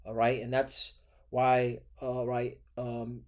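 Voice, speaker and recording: A man's voice: medium pitch, monotone. Man preaching a casual lesson. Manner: conversational, peppered with "all right" and "okay" tags; halting, repeated fillers and restarts. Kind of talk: informal sermon lesson.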